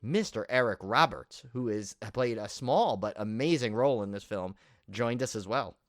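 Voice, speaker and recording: Male co-host, mid-pitched, dry sound, rambling and excited, many fillers. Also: moderate pace, dry recording. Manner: rambling, full of "uh" fillers and restarts, enthusiastic. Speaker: podcast co-host. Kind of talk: casual chat.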